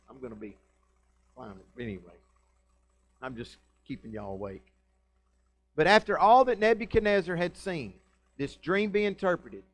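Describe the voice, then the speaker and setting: A man preaches a sermon in a church. He is conversational and folksy, and he keeps checking in with his listeners. His voice sits slightly high for a man. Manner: conversational, folksy, asks the congregation questions. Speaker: pastor. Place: church sanctuary.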